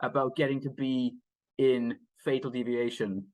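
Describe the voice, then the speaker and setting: A rambling man in a relaxed podcast chat. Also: mid-range voice, normal speed. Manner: rambling with many fillers and restarts, laughs often. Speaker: podcast co-host. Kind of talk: casual film review chat.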